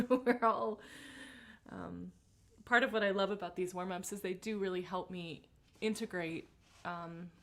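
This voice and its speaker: Speaking a little slowly in a lowish voice, a female vocal coach leads a livestreamed warm-up. She stays relaxed and supportive, calling out viewers by name as she welcomes them.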